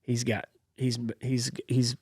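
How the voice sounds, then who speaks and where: A man's voice: medium pitch, monotone, slow, darkish tone, husky, dry recording. A man co-hosting a podcast, telling a story in casual chat with lots of fillers and restarts, close to his mic. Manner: rambling, full of fillers and restarts. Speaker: podcast co-host.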